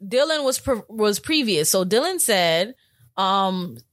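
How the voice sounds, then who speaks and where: Animated young woman podcast co-host. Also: mid-range voice, slow, no echo, studio quality. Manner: animated storyteller, acts out quotes. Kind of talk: casual chat.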